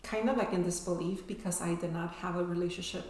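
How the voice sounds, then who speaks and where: A woman's voice: on the low side, steady tone, fast talker, darkish tone. A woman telling her personal story as an interview guest, emotional and often ending sentences with "right?". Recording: echoey room.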